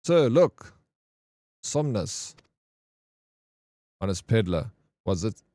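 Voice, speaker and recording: A man's voice: lowish voice, sing-song, drawn-out words, dark tone, dry recording, clean studio sound, exaggerated voice. A man voicing a stern, threatening male soldier in a video game, barking commands in a raised voice.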